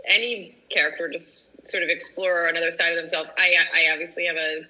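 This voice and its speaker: A woman's voice: fairly low pitch, fairly even intonation, brisk, sharp tone, rough recording. A woman actor on a fan panel, struggling for words as she gushes about a colleague. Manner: gushing, searching for words. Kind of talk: casual panel chat.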